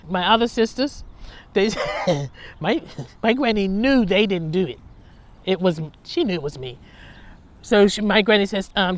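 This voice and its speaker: A woman's voice: mid-range voice, a little slow, long pauses. A woman telling her own life story in a candid, conversational way, reflecting on her past and laughing at herself.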